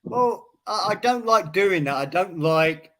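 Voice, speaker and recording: A man with a slightly higher voice chats over a call, stumbling and repeating words as he gets going. He stays polite and friendly in tone. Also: lively intonation, unhurried, a bit bright, no room sound. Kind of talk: casual online voice chat.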